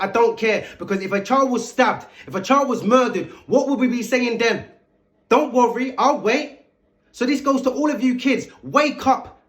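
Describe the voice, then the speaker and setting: High-voiced man lecturing. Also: moderate pace, fairly bright tone. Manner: emphatic, lecturing, rhetorical questions. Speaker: commentary video host. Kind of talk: vlog commentary monologue.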